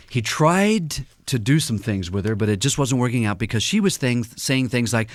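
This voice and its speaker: A man's voice: mid-range voice, a little fast, hardly any pauses, no echo. A man appearing as a guest counselor on a radio talk show, telling stories with animation and acting out the quotes. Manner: animated storyteller who acts out quotes.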